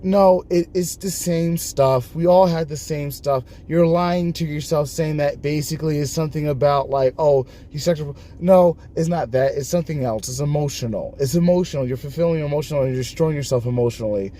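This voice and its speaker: A man chatting casually on a live stream, telling stories in an animated way, laughing often and acting out the lines people said to him. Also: fairly high pitch, fairly quick, hardly any pauses, slight background noise.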